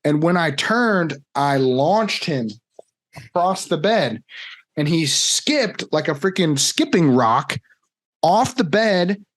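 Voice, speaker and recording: A man's voice: a little high, slow, no room sound. A young man co-hosting a podcast, telling a long story in casual chat and acting out what people said. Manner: animated storytelling, acts out quotes. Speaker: podcast co-host.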